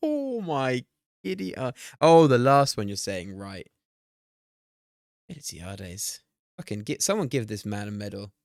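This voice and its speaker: Brief: young male streamer, excitable and sweary, animated delivery, dead-dry mic. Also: on the low side, measured pace, long pauses, no room sound. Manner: excitable, swears and laughs often, talks to chat. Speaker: streamer hosting a watch party. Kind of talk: casual live-stream chat while playing a guessing game.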